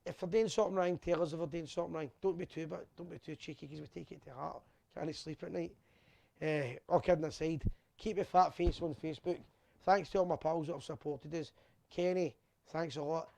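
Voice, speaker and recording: A man's voice: on the high side, steady tone, a little fast, vocal fry, no room sound. A Scottish man hosting a fan live show, chatting casually and reading out viewers' messages while a bit drunk. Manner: chatty, rambling, shouts out viewers by name.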